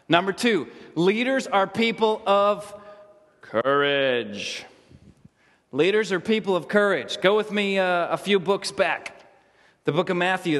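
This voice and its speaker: A man leading an interactive Bible lesson in a church, animated and jokey, often asking the group questions. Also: on the high side, long reverb tail. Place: church hall.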